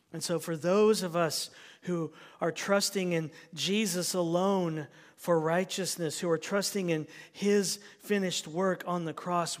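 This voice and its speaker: Earnest male preacher in reverberant church. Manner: earnest preaching, swells loud then drops low. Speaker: pastor. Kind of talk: sermon. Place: church sanctuary.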